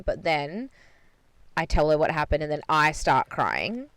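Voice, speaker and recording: A woman's voice: lowish voice, animated, normal speed, clean tone, dry recording. A woman podcast co-host telling a story in casual chat, swearing freely and retelling things with energy, recorded inside a parked car.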